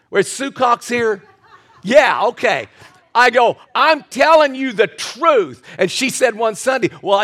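A man with a high voice preaches a lively sermon. He talks to his church in a folksy, joking way, stumbles into restarts, and now and then bursts into loud emphasis. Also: background noise. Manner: energetic and animated, with frequent stammered restarts and bursts of loud emphasis; folksy and humorous with the congregation. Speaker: pastor. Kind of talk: sermon with personal stories. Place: church service.

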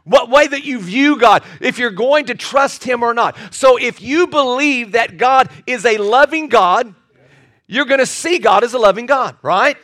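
A man's voice: very high voice, lively intonation, unhurried, a bit bright. A middle-aged male pastor preaching a sermon, impassioned, often restarting and repeating words and asking the congregation questions.

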